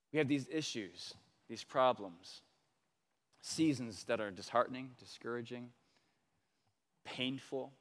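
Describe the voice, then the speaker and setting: A male pastor preaching a sermon, telling a personal story with animated delivery and sudden swings between loud and quiet. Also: mid-range voice. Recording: long hall reverb.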